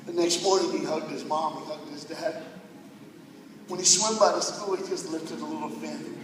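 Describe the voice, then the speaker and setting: Male preacher, storytelling sermon, hushed to shouting; roomy live hall. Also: a little high, steady tone, normal speed, pauses often, far from the mic. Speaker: speaker at a youth event. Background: music.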